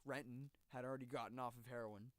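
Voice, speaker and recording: Male co-host, mid-pitched voice, animated and profane, recorded dry. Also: fast talker, no room sound. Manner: animated storyteller, swears freely. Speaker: podcast co-host. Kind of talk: casual chat.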